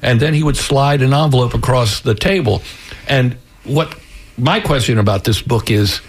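A man's voice: medium pitch, normal speed, breathy edge. A middle-aged man, an author and theater director, talking as an interview guest in a rambling way with repeated words. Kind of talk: interview guest reading his novel.

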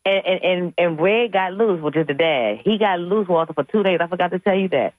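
A woman's voice: on the low side, brisk, no echo. A middle-aged woman, co-hosting a radio talk show and telling a story with laughter and acted-out voices. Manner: animated storyteller, laughs often, acts out voices. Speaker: radio co-host. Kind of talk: casual storytelling chat. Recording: tinny phone line.

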